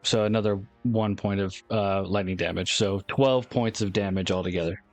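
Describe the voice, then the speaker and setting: A man's voice: on the low side, steady tone, normal speed, faint music behind. A man playing in a tabletop game, stating his rolls and actions in a matter-of-fact way. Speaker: player.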